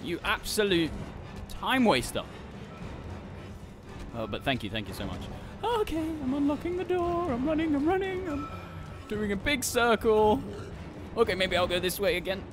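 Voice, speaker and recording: A man commentating a horror game, excitable, swearing and shrieking when scared. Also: high-pitched, normal speed. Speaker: gaming YouTuber. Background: game music.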